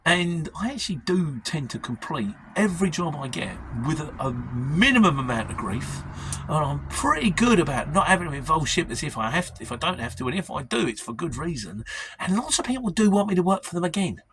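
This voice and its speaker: A man's voice: a little high, very animated, brisk, a bit bright, slight background noise. A middle-aged man with a London Mockney accent, chatting casually and self-deprecatingly as he answers viewer questions on his vlog. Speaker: lorry driver vlogger.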